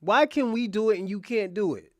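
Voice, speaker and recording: High-voiced man, crude mocking commentary. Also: animated, fairly quick, darkish tone, dry recording, clean studio sound. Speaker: host. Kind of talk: profane reaction commentary.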